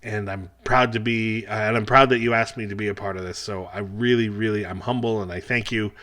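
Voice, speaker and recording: A man's voice: on the low side, fairly even intonation, a little fast, pushed and bright. A middle-aged man doing a stand-up set for a virtual festival, rambling and self-deprecating with a wry edge. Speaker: stand-up comedian.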